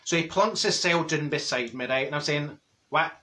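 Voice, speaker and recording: Glaswegian older woman, gossipy, bright forceful voice, rambling comic chatter. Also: on the high side, moderate pace. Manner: chatty, rambling storytelling, laughs at own jokes. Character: gossipy older Glasgow woman, blunt, cheeky. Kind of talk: comic character monologue.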